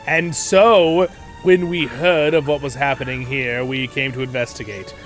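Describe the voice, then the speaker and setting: A man's voice: medium pitch, steady tone, unhurried, fairly bright tone, soft background music, close to an everyday voice. A man voicing an earnest quest-giver, reading formal quest lines in a solemn tone.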